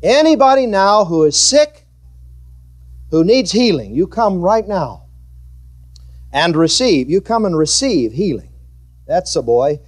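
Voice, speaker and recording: A man's voice: on the high side, expressive, unhurried, long pauses, slightly rough. A man preaching a sermon, leading the congregation in call-and-response and repeating his phrases. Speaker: pastor.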